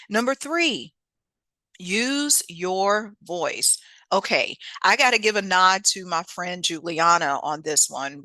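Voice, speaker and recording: A woman's voice: pushed and bright, dry recording. A woman hosting a podcast, delivering an emphatic, folksy motivational monologue with frequent laughs and repeated key phrases. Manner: sudden swoops up in pitch for emphasis. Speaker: podcast host and author; singer and teacher.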